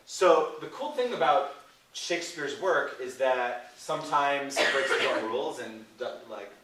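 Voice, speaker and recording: A man's voice: medium pitch, lively intonation, unhurried, a bit bright. A man teaching a Shakespeare workshop in a playful way, often checking in with 'right?'. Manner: playful, ends phrases with 'right?'. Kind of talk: classroom teaching. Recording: echoey room, voice from far off.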